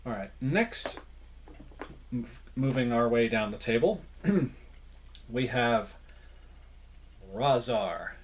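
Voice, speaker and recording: Young adult man, mid-pitched, laid-back and rambling with lots of fillers; casual toy-collection host. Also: very slow, long pauses. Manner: relaxed and rambling, with frequent "like" and self-deprecating asides. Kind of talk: casual toy showcase narration.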